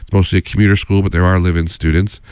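A deep-voiced man hosts a college radio talk show, wandering off on tangents as he goes, earnest and unscripted. His voice is smooth and clear, caught close on a studio mic in a dry, dead room. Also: level tone, quick pace, a little mellow, no echo. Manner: rambling, digressive, earnest.

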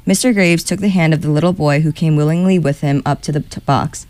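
A reader takes the story in turns, plain and even, with a small slip here and there. The voice is smooth and clear, and the recording is close and dry. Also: mid-range voice, a little fast, no room sound. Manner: plain reading with small slips. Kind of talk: reading a short story aloud.

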